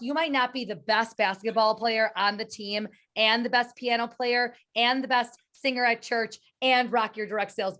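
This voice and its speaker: A fairly high-pitched woman gives an eager motivational talk to her sales team over a video call. She speaks earnestly, repeating words as she restarts her sentences. The sound is that of a home call mic. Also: fairly bright tone. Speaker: direct sales team leader.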